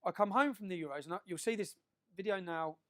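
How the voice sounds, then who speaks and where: A man giving an emphatic public speech to an audience, often checking in with a quick question tag. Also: high voice, a bit bright. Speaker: public speaker.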